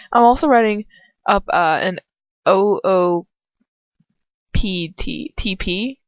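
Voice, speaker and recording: A woman reads fan fiction aloud in a low, dry voice, close to the mic. She drifts into goofy, playful asides between passages. The recording is dull and lo-fi. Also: measured pace, pauses often, no room sound. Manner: goofy, playful, giggly interjections. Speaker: audiobook reader of fan fiction. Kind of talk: casual reading with silly asides.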